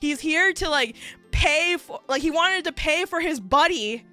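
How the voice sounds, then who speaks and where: A woman VTuber telling stories in casual chat, animated and full of fillers, acting out the people in them. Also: high-pitched, measured pace, faint music behind. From United States. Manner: animated, filler-heavy, acts out voices in stories. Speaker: VTuber streamer.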